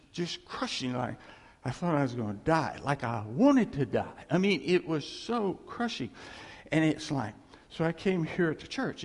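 A man preaching a sermon as pastor, earnest and repeating his key phrases, swinging from loud to quiet. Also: medium pitch, gravelly, breathy edge. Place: church sanctuary. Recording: church hall reverb.

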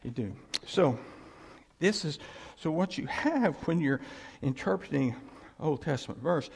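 A man's voice: a little high, a little mellow, husky. A man preaching an informal sermon in a folksy way, repeating his points and chuckling between phrases.

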